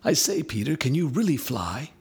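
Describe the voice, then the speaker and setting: A man putting on an eager boy, high and lively, a husky edge under it, asking excited questions, a storybook reading. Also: normal speed, exaggerated voice. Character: practical, eager young English boy.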